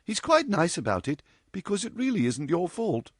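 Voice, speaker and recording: Reading a storybook aloud, a man takes on the role of a cheeky, outspoken young woman who chatters teasingly with mock drama. Her high voice swings freely with big pitch swings at a normal speed, and the recording is dry with no echo.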